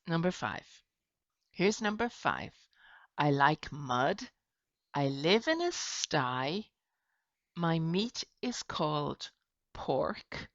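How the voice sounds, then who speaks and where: Slow sing-song woman teacher. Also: low voice, very animated, no room sound. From Ireland. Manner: slow, sing-song, with animal sound effects. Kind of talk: slow children's lesson. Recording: dull lo-fi, dry.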